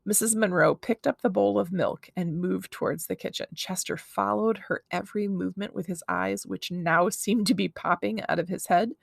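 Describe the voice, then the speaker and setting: A woman reads a children's book aloud in a friendly, expressive way. Her voice has a gravelly fry underneath. The sound is dry and close, with no room echo. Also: mid-range voice, moderate pace, few pauses. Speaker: read-aloud storyteller.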